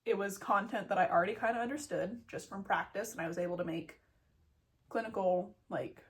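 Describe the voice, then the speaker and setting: A woman's voice: mid-range voice, fairly quick. A young woman telling a story as a vet student in a casual vlog, blunt, self-mocking and full of swearing. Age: young adult.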